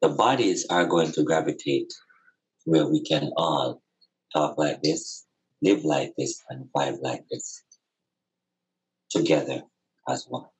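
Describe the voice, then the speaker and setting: A man's voice: very deep voice, slow pace, long pauses, rough recording. A man talking as a guest over a video call, reasoning earnestly with impassioned, repetitive, preacherly emphasis. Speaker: podcast guest.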